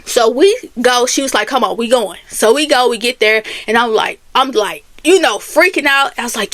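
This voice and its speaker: A woman casually telling a personal story to her viewers, animated and talking straight to them. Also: a little high, moderate pace, few pauses, dry recording. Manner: animated, Southern US Black vernacular phrasing, addresses viewers as y'all.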